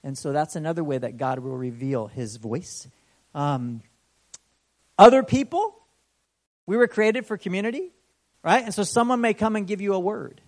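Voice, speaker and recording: A man with a high voice preaches conversationally at a moderate pace, pausing often. He keeps checking in with "right?" and voices the story's exclamations with animation.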